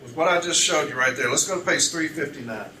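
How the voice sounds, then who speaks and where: A man's voice: a little high, fast talker, bright, forceful tone. A man acting as a union advocate at an arbitration hearing, questioning a witness methodically and reading documents aloud. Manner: methodical, reads documents aloud, corrects page numbers. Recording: echoey room, distant mic, background noise.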